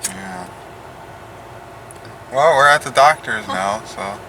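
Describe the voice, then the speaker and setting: A man with a lowish voice chats calmly and keeps things low-key, vlogging from a car. Loud road noise hums behind him the whole time. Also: slow pace, low-quality recording. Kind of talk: casual chat. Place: inside a car.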